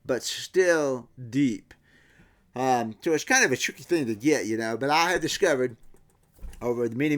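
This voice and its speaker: Man in workshop explaining, mimicking tones. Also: mid-range voice. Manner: imitates tap tones with vocal sounds, hesitant restarts. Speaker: guitar builder.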